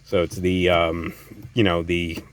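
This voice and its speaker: A man giving a casual walkaround review of his own car, relaxed and enthusiastic, often doubling words. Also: low voice, a little slow, poor audio. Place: outdoors beside a parked car.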